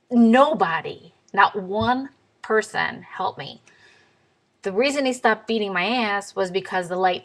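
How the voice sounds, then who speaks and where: A woman tells a story to camera in a casual vlog. She is blunt and swears freely. Her delivery is animated, with a lot of back-and-forth. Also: mid-range voice, rough recording. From New York. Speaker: vlogger.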